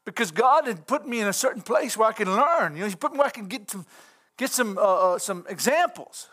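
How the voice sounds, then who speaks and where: A middle-aged man preaching a fervent sermon, folksy in grammar and rising at times to shouts. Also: sits high, expressive, brisk.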